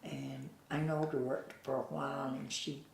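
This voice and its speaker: Recorded in a reverberant space with slight background noise, this older woman speaks in a creaky bass voice with a flat delivery. Her Southern US accent carries slow, folksy oral history tales, punctuated by chuckles and acted-out quoted voices.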